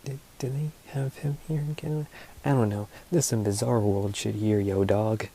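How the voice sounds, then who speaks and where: A man's voice: fairly low pitch, steady tone, normal speed, mellow, slight background noise, lightly acted. A man voicing a brash, rambling woman wrestling champion who cuts a profane, goofy in-character promo.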